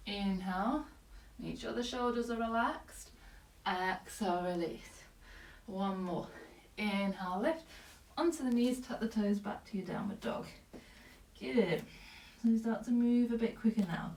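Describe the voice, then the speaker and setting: A woman yoga teacher guiding a class with calm, breath-paced cues and short commands, slightly out of breath. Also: mid-range voice. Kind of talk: guided yoga class instruction. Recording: echoey room, voice from a distance.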